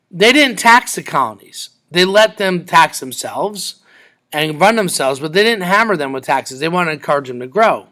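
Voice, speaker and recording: A man's voice: sits high, sharp tone. A man teaching a history lesson in a conversational way, acting out quoted exchanges between the sides.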